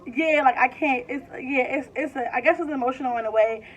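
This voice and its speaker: With a high, brisk voice, this woman in her twenties, a vlogger, casually recounts something from her life, filling it with "like" and repeatedly restarting as she rambles. The lo-fi audio is dull and slightly distant.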